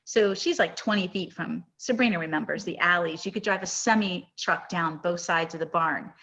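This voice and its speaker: A woman's voice: on the low side, normal speed, sharp tone, low-quality recording. A woman hosting a live podcast, telling an emotional story in an earnest, rambling way. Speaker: podcast host.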